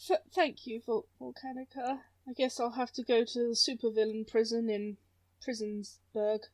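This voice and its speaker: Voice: medium pitch, flat delivery, moderate pace, a little mellow, dry recording, far from the mic, lightly acted, low-quality recording. A woman voicing a captured male supervillain who mumbles resigned thanks on his way to prison.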